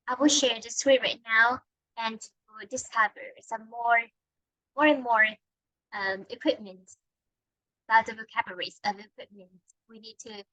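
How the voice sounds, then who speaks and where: A woman's voice: fairly high pitch, sharp tone, no room sound, highs cut off. A woman with a Vietnamese accent teaching an online English lesson, patiently checking that her student follows. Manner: patient, checks understanding often. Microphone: computer mic on video call.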